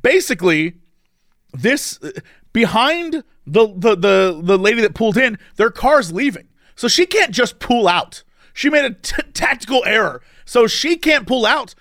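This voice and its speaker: A man's voice: very high-pitched, sing-song, unhurried, a bit bright, no echo, clean studio sound. A man telling a story in casual chat, laughing often and acting out the people in it.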